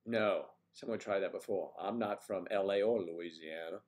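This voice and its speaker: An American man hosting a casual livestream from home, reading viewer comments with playful, teasing banter. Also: normal speed. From United States. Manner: playful, teasing, animated jumps in pitch. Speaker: livestream host.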